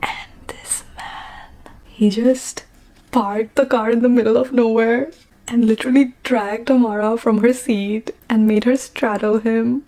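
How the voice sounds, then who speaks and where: A young woman from Bangladesh gushes through a book recap, with giggles and hushed asides. Her voice is gravelly and low in brightness, with a mellow, warm tone. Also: unhurried. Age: young adult. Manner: gushing, animated retelling with giggles and whispered asides. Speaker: book vlogger.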